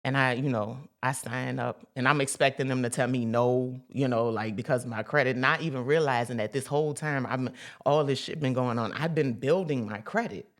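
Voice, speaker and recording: A woman's voice: rumbling low, normal speed. A woman hosting a casual spiritual talk for her viewers, chatty and emphatic, with profanity and sudden whoops. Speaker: host.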